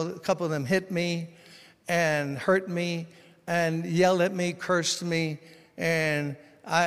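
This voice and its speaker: A man from Brooklyn, preaching a sermon as pastor, swinging between loud exhortation and quiet storytelling. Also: a little high, smooth. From Brooklyn, New York. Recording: long reverb of a large hall.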